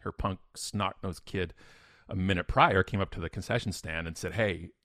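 A man, a podcast guest, telling a story in an emphatic, energetic way with sudden loud bursts. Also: deep voice, normal speed, no echo, clean studio sound. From Canada. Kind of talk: animated storytelling in an interview.

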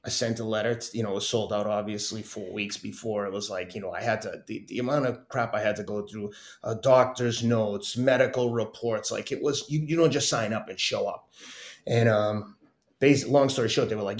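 A middle-aged man telling his story as a podcast guest, animated and often laughing as he acts out what others said. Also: fairly low pitch, brisk, reverberant. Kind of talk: casual storytelling interview.

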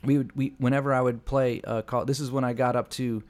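Rambling pastor telling stories. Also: male voice, medium pitch, flat delivery, fairly quick, a little mellow. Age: 40s. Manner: rambling storyteller, acts out quoted voices. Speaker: pastor and podcast co-host. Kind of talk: casual podcast chat.

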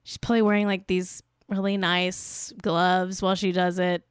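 A woman's voice: on the low side, flat delivery, moderate pace, clean tone, no echo, studio quality. A young woman hosting a podcast, chatting casually in a giggly, rambling, playful way. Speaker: podcast host. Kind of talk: casual chat.

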